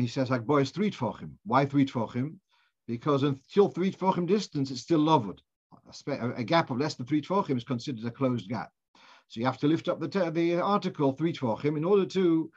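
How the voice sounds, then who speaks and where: A man leads an informal religious lesson, reasoning aloud and raising questions as he goes, often restarting a phrase before finishing it. His voice sits at an ordinary middle pitch. The recording is dull and lo-fi. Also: darkish tone, slightly rough. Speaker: Torah class teacher.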